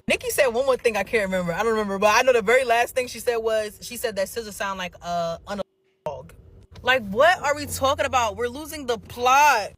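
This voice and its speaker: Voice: mid-range voice, fairly bright tone. A person commenting in a casual reaction video, fed up and emphatic. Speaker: commentator reacting to celebrity news.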